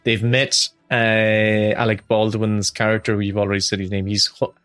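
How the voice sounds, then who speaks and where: A man co-hosting a film commentary podcast in casual chat, recapping the plot with quick asides. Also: lowish voice, level tone, fairly bright tone, dry recording, faint music behind. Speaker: podcast co-host.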